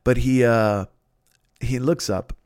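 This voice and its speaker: A man hosting a comedy podcast, telling a story in a profane, animated way and acting out the people in it. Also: medium pitch, takes it slowly, no room sound, clean studio sound. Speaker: podcast host.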